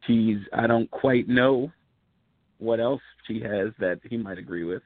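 A man co-hosting a casual wrestling podcast, rambling through animated stories with plenty of fillers. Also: mid-range voice, unhurried. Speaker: podcast co-host. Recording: tinny phone-like line.

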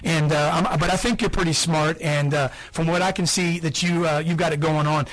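High-voiced man hosting a sales podcast. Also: steady tone, fairly quick, fairly bright tone, rough recording. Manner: earnest, repeats key points for emphasis. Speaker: podcast host. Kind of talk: motivational sales podcast talk.

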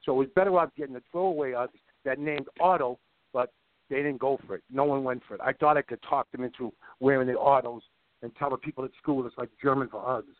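A middle-aged man telling long rambling stories in a casual, animated way. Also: mid-range voice, fast talker. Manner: rambling, animated, repeats himself. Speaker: guest. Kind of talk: casual storytelling. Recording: tinny dry call line.

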